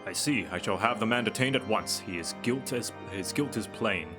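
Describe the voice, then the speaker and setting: A man reading out a stern knight of the inquisition, formal and measured, in a low voice. Video game music plays behind. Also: lightly acted.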